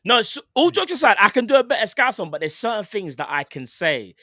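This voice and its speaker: Animated, laughing man co-host. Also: sits high, fairly quick, few pauses, no echo, studio quality. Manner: animated, laughing, slangy banter. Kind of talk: casual live show chat.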